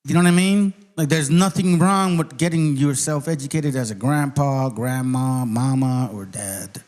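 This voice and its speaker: A man's voice: medium pitch, normal speed, a little mellow. A man hosting his own channel, talking bluntly in streetwise slang and swearing heavily. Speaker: channel host. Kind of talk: profane casual commentary.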